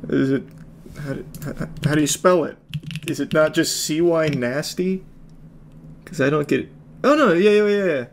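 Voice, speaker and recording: A man with a high, light voice talks over clips in casual reaction commentary. He sounds incredulous and sarcastic, and he swears freely. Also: normal speed, pauses often, noisy background.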